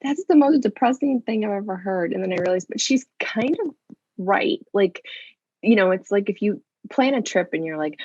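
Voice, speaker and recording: A woman's voice: mid-range voice, lively intonation, moderate pace, a little mellow, slightly rough, no room sound, muffled recording. A woman talking casually about homeschooling as a podcast guest, chatty and acting out little quoted voices. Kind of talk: casual conversation.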